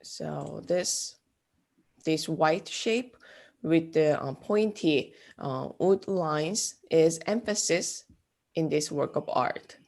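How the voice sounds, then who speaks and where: Slow, halting woman art instructor. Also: deep voice, creaky, a little mellow. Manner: slow, halting, many fillers. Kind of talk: classroom lecture.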